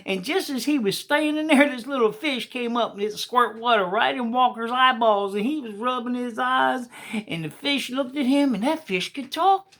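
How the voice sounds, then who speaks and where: A woman's voice: a little high, a bit bright. A woman telling a children's story in a folksy, colloquial way and speaking straight to the young listeners.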